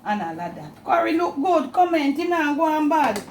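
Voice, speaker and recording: A woman with a Jamaican accent hosts a homestyle cooking video from her kitchen. Her voice sits a little high, and she chats casually in patois-tinged English. A faint hum of noise runs under the recording. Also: sing-song, moderate pace. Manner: chatty, mixes patois with standard English. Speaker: cooking channel host. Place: home kitchen.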